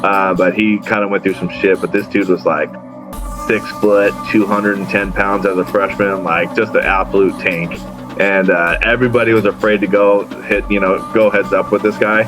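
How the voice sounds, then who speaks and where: A man's voice: sits low, little pitch movement, moderate pace, over music, poor audio. A man speaking as a podcast guest, telling stories casually and bluntly, swearing freely and laughing along. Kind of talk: casual storytelling.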